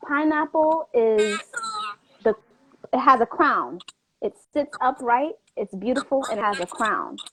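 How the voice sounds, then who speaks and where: A woman hosting a casual talk show, chatting in a lively, quick way and laughing easily. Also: on the high side, husky, poor audio. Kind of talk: casual chat.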